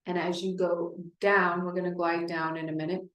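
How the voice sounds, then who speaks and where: A woman's voice: fairly low pitch, flat delivery, normal speed, fairly bright tone, reverberant, low-quality recording. Encouraging woman speech therapist coaching a class. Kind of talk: leading voice exercises in a class.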